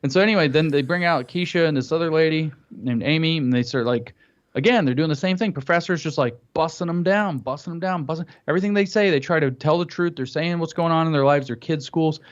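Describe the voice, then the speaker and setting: A man tells a story in an animated way during casual chat and acts out what other people said. His voice sits a little high. The audio is dull and lo-fi. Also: fast talker.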